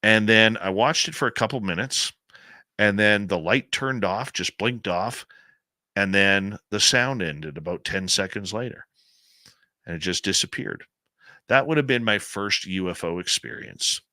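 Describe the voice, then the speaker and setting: A man's voice: on the low side, a little slow, sharp tone, dry recording. A Canadian man hosting a late-night radio talk show, chatty and enthusiastic, rambling as he tells stories and answers audience questions.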